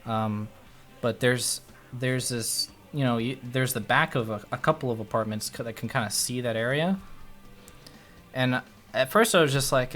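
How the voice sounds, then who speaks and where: Soft music plays behind this man's medium-pitched, slightly bright voice as he streams live at a normal speed. His casual story wanders, turns profane, and keeps breaking off and starting over.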